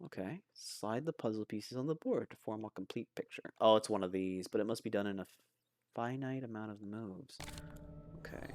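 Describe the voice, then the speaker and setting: A man's voice: on the low side, normal speed, a little mellow, dry recording, studio quality. A man giving casual, rambling commentary as he plays a video game, chatty and self-amused. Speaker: let's play host.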